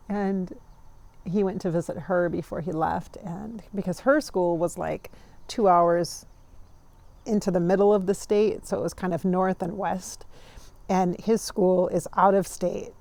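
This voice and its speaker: A woman in her forties reflects aloud in a casual vlog, wandering from thought to thought and laughing often. Her voice has a gravelly fry and a mellow, darker color. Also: on the low side, fairly even intonation, slow, no echo. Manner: rambling, warm-hearted, laughs often. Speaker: vlogger.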